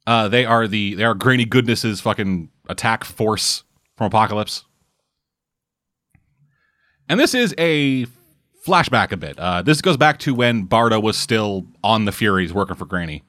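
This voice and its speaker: A man's voice: fairly low pitch, animated, moderate pace, a bit bright, no room sound. A man hosting a casual comic book podcast, rambling and swearing freely as he talks. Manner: profane, rambling, jokey. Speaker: podcast host.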